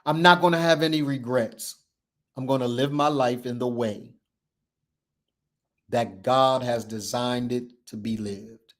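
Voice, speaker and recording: A man hosting a show, speaking in an impassioned motivational talk with an emphatic, repetitive, preacher-like cadence. He moves between loud declarations and low, hushed passages. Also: steady tone, measured pace, long pauses. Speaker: show host.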